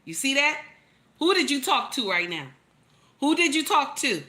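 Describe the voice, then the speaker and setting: A woman giving animated relationship advice, emphatic and repetitive, firing rhetorical questions at her audience. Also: high-pitched, unhurried. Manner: emphatic, repeats lines for effect, teasing rhetorical questions. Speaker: relationship commentator.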